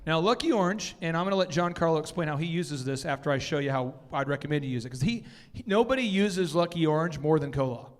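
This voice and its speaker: A fired-up man with a fairly high voice leads a business seminar, cracking jokes and speaking bluntly. His voice carries a long echo from a big hall. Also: fast talker, hardly any pauses. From Minnesota. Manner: energetic, joking, blunt. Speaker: business coach. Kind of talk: animated seminar talk. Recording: echoey hall.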